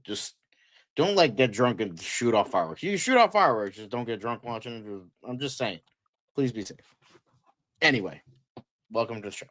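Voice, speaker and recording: A man's voice: medium pitch, expressive, moderate pace, pauses often, a bit bright. Laid-back blunt male co-host. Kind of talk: casual podcast chat.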